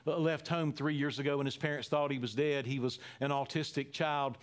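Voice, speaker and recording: A man preaching a sermon, repeating phrases for emphasis and swinging between loud, emphatic lines and hushed near-whispers. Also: mid-range voice, level tone, fairly quick. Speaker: pastor.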